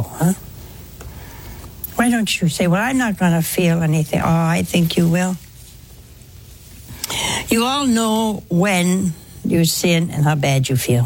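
A woman's voice: lowish voice, a little mellow, a little hiss or hum. A woman giving a spoken sermon to a congregation in a folksy way, full of rhetorical questions and anecdotes. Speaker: religious speaker.

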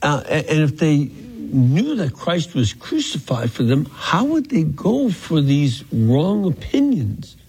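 A man teaching a scripture lesson, walking listeners through a passage in a measured, explanatory way. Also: on the high side, very animated, darkish tone, breathy edge. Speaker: Bible study teacher.

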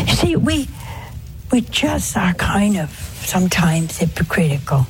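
A woman's voice: lowish voice, sing-song, unhurried, a little hiss or hum. An older woman giving a conversational religious talk to an audience, asking rhetorical questions in a homely preaching manner. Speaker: religious speaker.

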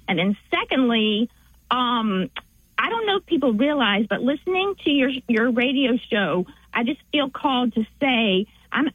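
A woman with a Southern US accent calling in to a radio show, talking in a halting way with frequent restarts. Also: a little high, slightly rough, no echo. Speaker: caller. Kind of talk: call-in phone conversation. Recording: tinny phone line.

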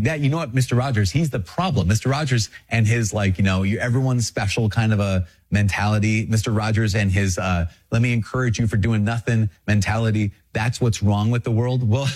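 A middle-aged man, a priest, giving an earnest, animated talk with lively self-mocking asides. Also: fairly low pitch. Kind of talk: podcast homily and video talk.

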